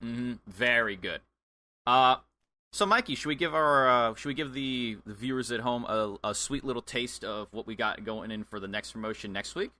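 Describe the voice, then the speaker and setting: Excitable bright-voiced male podcast co-host. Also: medium pitch, moderate pace. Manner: excitable, chatty, filler-heavy. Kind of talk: casual chat.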